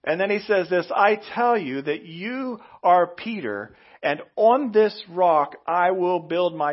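A high-sitting male voice, muffled in the recording, preaches a sermon as pastor. He's emphatic and animated, breaking into sudden loud outbursts and stretching other phrases out slowly.

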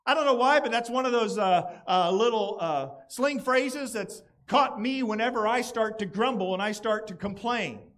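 High-pitched man preaching a lively sermon. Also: normal speed. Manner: animated preaching, quotes song lyrics with playful voices. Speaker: pastor. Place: church gathering outdoors.

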